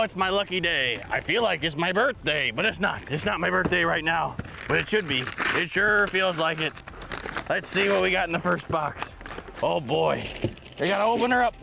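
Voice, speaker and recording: A man hosting a children's show in a pirate persona, exclaiming excitedly and dropping growled "yar" interjections while he plays outdoors in the dirt. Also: high voice, vocal fry, a little hiss or hum. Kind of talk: playful talk to young kids.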